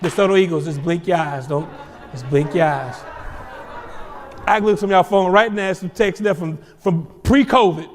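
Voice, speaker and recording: A male pastor preaching a sermon to his congregation, repeating phrases, shouting out points and joking with the crowd. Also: sits high, normal speed, big-room sound. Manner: preaching with shouts, repetitions and humor. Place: church sanctuary.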